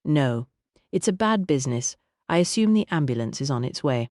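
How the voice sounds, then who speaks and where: A brisk male country doctor with a Scottish accent, voiced by a woman narrating an audiobook. He talks in blunt, matter-of-fact lines. The recording is close and dry. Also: sits low, lively intonation, a little mellow, no room sound. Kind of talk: audiobook character voice.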